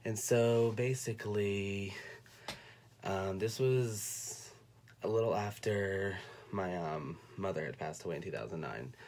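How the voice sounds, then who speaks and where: A young man from North Carolina telling a personal story on a livestream, speaking in a soft, halting way and fighting back tears. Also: low voice. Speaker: vlogger. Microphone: phone or webcam.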